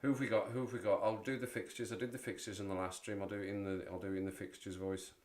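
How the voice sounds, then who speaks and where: A man's voice: on the low side, little pitch movement, very fast, darkish tone. Rambling, jokey streamer man. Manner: jokey, rambling, repeats himself. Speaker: live streamer. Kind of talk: casual chat.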